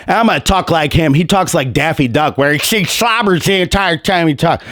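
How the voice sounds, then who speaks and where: A man's voice: on the high side, brisk, hardly any pauses, fairly bright tone, dry recording, clean studio sound. A man hosting a sports commentary show, ranting in a heated, mocking, profane way, his voice strained and worn.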